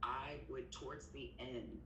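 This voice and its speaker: A woman's voice: rumbling low, fairly even intonation, a little slow. A woman guest telling her personal story frankly over a video call. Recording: echoey room, faint hum.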